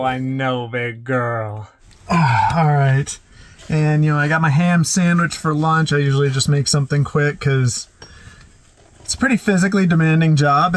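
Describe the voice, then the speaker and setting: A tired man filming a casual vlog about his work day, talking in a relaxed, rambling way full of fillers and restarts. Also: a little high, slight background noise. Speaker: work camper vlogger.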